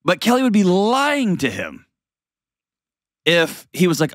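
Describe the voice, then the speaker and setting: A man hosting a call-in advice show, talking in an animated way with quick asides and restarts. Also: fairly high pitch, dry recording, clean studio sound. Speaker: host giving advice.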